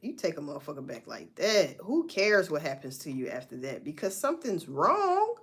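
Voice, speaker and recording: A woman's voice: deep voice, sing-song, moderate pace, husky. A woman hosting a casual livestream, giving blunt, profane commentary and talking straight to her viewers. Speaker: livestream host.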